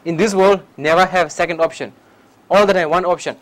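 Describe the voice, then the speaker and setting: High-pitched male meditation teacher, plain broken English, short repeated lines, questions the room. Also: steady tone, fairly quick, slight background noise, poor audio. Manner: questions the listeners directly. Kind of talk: public talk on meditation.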